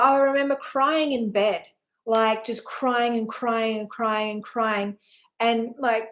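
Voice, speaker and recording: Earnest woman rambling about spirit. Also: fairly high pitch. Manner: rambling, heartfelt, peppered with "like" and "right?"; earnest, emotional storytelling with sighs. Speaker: spiritual teacher. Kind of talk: personal spiritual talk.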